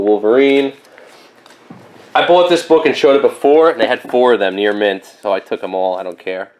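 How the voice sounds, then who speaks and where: A man in his thirties talking casually and rambling through a comic book haul, with lots of fillers and animated asides. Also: fairly low pitch. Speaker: comic collector vlogger.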